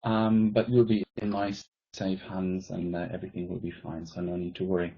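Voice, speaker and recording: Man, German accent, online conference presenter, husky, lowish voice, muffled audio. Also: flat delivery, normal speed.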